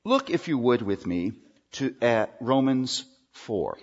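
Husky-voiced male pastor preaching. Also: mid-range voice, big pitch swings. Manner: emphatic, with drawn-out pauses on key words. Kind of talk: sermon. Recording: dull recording with long hall reverb.

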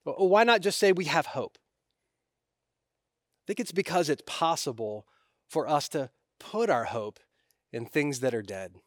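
A man preaching a sermon, earnest, rising in force on key lines and then dropping to a hush. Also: a little high, lively intonation, slow, long pauses, dry recording, clean studio sound. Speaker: pastor.

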